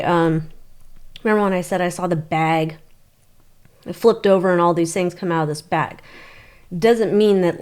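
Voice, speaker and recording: On her channel, a female tarot reader does a casual monologue, reading the cards and thinking aloud in a loose, chatty style with the occasional swear word. Her voice is lowish and a little mellow.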